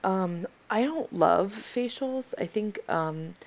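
A young American woman answering listener questions in a casual chat, late at night and tired, pausing often with ums and likes. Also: medium pitch, lively intonation, vocal fry. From United States. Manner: hesitant, full of ums and likes.

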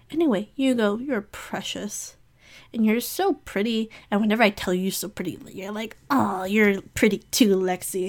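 Gushing, rambling woman, sniffling. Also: mid-range voice. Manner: gushing, affectionate, giggly, rambling. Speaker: community member giving shout-outs. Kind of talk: rambling casual monologue.

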